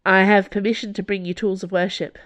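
A woman's voice: mid-range voice, little pitch movement, a little fast, lightly acted. A woman voicing a stubborn, dutiful female marshal guarding a prisoner, speaking earnestly.

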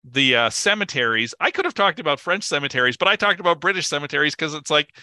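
Man, very bright tense voice, dry recording, podcast co-host, animated, chuckles, filler words. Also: fairly high pitch, fast talker, dry recording. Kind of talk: casual film discussion.

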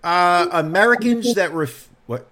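Joking man trading quick one-liners. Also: high-pitched, lively intonation, pushed and bright. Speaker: podcast co-host. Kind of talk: casual banter.

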